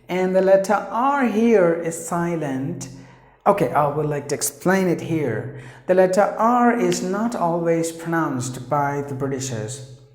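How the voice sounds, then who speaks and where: A woman's voice: low voice, a little mellow, roomy sound. A woman teaching pronunciation, repeating words and explaining patiently with fillers. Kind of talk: pronunciation lesson.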